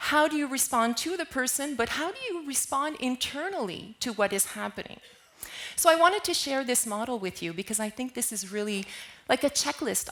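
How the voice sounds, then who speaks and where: A woman's voice: mid-range voice, fairly bright tone. A woman giving a conference keynote talk in a lecture hall, often asking the audience questions. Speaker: keynote speaker.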